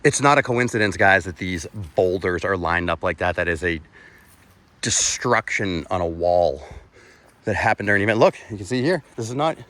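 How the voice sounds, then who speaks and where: The voice sits low but has lively intonation and a fairly bright tone, moving at a moderate pace. It belongs to a vlogger on an outdoor walk among old bridges, filming with his phone camera, exclaiming in amazement to viewers, cursing now and then, and sometimes out of breath.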